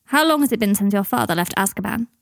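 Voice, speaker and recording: A woman's voice: mid-range voice, expressive, fast, creaky, no room sound, studio quality. A woman voicing a blunt, cold older woman. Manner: abrupt, cold.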